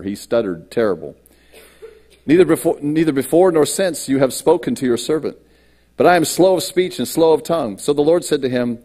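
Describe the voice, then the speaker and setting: A male pastor delivers a sermon from a church stage mic, his voice rising and falling with wide, lively swings. He acts out quoted speech with theatrical energy and often stammers into restarts before pressing on. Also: mid-range voice, a little fast. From United States. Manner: animated preaching, acts out quotes and self-doubt. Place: church sanctuary.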